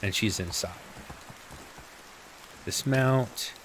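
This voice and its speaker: A man with a fairly low, slightly bright voice and drawn-out words comments casually while playing a video game into a desk mic, chatty and self-mocking with rambling asides. A little hiss or hum is audible.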